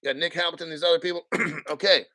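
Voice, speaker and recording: Man, bright sharp voice, fairly high, blunt and cursing, combative livestream rant. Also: steady tone, quick pace, no echo. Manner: clears his throat often. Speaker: crypto channel host.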